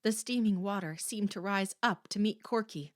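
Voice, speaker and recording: A woman reading a horror novel aloud as an audiobook, in a slow, deliberate manner. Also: mid-range voice, dry recording, studio quality. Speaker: audiobook reader. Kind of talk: audiobook narration.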